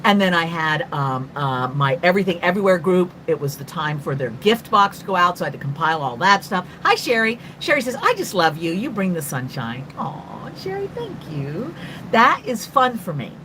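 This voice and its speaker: A woman's voice: lowish voice, lively intonation, bright, forceful tone, slight background noise, rough recording. An older woman from North Carolina who hosts a chatty, rambling live stream as an artist and greets her viewers by name. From North Carolina, USA. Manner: talkative and quick after coffee. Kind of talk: casual live-stream chat.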